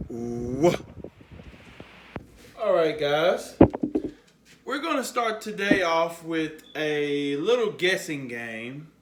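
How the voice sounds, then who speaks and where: Casting: high-voiced male teacher, very slow and patient, leads children through repeated words, echoey room. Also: a bit bright, far from the mic, slight background noise. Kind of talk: phonics lesson for young children.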